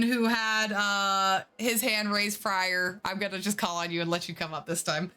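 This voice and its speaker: A woman's voice: medium pitch, fairly even intonation, normal speed, few pauses, pushed and bright, smooth. A woman narrating a tabletop game as game master, chatty with many fillers.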